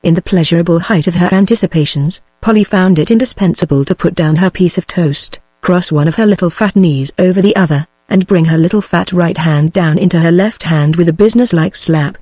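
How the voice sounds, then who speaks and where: A synthetic woman's voice with a British English accent, reading a novel aloud in an even, computer-made way. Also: lowish voice, fairly quick, few pauses, slightly rough, no room sound. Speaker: audiobook narrator. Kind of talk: scripted narration.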